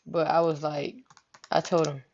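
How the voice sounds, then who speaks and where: A woman's voice: low-pitched, level tone, unhurried, darkish tone, highs cut off, a little hiss or hum. A young woman vlogger telling a story casually, profane and rambling, often asking "you know what I'm saying". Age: young adult.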